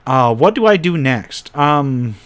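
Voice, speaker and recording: A man in an ordinary mid-range voice hosts a relaxed live stream, musing aloud as he browses tabletop game documents. He talks off the cuff, trailing into quick, wry side comments as he goes. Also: mid-range voice. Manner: thinking aloud while paging through files, with frequent wry asides. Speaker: host reviewing tabletop game PDFs.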